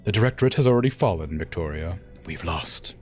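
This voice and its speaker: A man's voice: low-pitched, lively intonation, a little fast, soft background music. A man reading a weary, defeated older ruler from a game in an English accent, grave and resigned. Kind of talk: reading game dialogue aloud.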